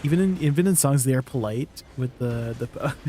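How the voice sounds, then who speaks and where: A young man with a Canadian accent chats with his viewers during a gaming stream, playful and curious, firing questions at chat. His voice is mellow and soft-edged at an ordinary pitch. A faint hum of noise runs underneath. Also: lively intonation, moderate pace. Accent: Canadian English. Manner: chatty and playful, laughs often, asks viewers questions. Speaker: live streamer.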